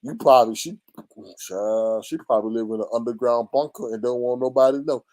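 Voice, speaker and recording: A man hosting a casual gossip commentary, animated and mocking, often jumping into high squeals. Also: fairly quick, no room sound. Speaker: YouTube commentary host.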